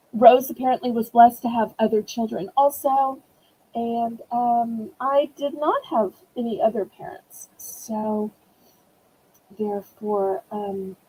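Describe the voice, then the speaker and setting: A woman with a dark, breathy-edged voice hosts a live-stream auction from home, addressing viewers over a webcam in a low-quality recording. She is emotional and holds back tears at first, then returns to cheerful product pitching.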